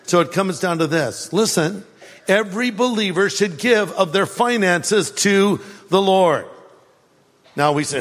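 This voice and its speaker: An older man preaches a sermon in a fairly high voice. He moves between animated storytelling, wry sarcasm and firm repetition. His words ring out with a long reverb, as if he is recorded in a large hall. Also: normal speed. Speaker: pastor.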